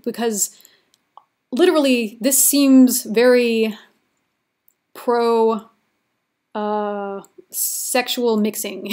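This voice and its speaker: A woman's voice: fairly high pitch, darkish tone. A woman giving a recorded literature lecture in a chatty, informal way, with many casual fillers.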